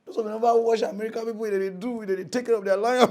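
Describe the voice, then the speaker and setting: Nigerian pidgin guy doing a mock news rant, mocking, kinda high voice. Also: fast, hardly any pauses. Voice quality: animated, mocking, exclaiming. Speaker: comic mock-news presenter.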